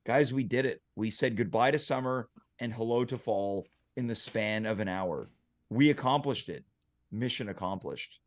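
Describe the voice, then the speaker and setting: A man's voice: on the low side, expressive, normal speed. A man hosting a casual talk show in a playful, upbeat, teasing way. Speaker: host.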